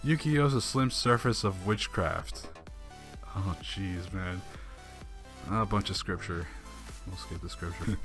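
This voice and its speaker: A man with a fairly low voice reads forum posts out loud, then answers them with dry, sarcastic remarks. He chuckles now and then between the quotes. Soft background music runs underneath. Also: measured pace. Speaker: online commentator. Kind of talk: reading forum posts aloud with sarcastic commentary.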